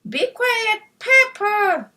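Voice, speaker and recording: A woman voicing a fed-up young boy who scolds his dog in sharp calls. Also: very high-pitched, animated, very slow, far from the mic, pitched above the performer's own voice, exaggerated voice. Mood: scolding.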